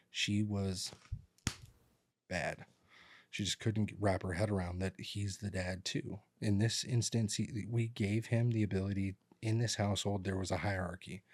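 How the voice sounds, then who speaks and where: A podcast co-host with a low-sitting voice chats casually in a studio, captured in a dry recording. He rambles through stories and acts out what his relatives said.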